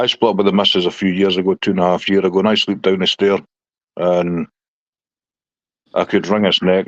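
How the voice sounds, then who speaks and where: A man's voice: low voice, no room sound, muffled recording. A man hosting a live stream, telling blunt, sweary stories in casual chat and laughing often.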